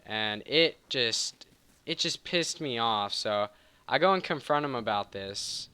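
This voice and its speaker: A man's voice: mid-range voice, lively intonation, slow pace, bright, forceful tone, clear, resonant tone, no echo. A man telling a rambling, heated personal story over gameplay commentary, casual and profane, often stopping to correct himself. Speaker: gaming channel host.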